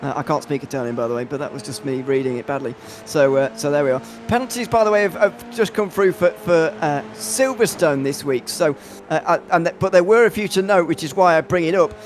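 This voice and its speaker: A man commentating an online sim race, chatty and self-deprecating, with quick asides. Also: fairly high pitch, music in the background.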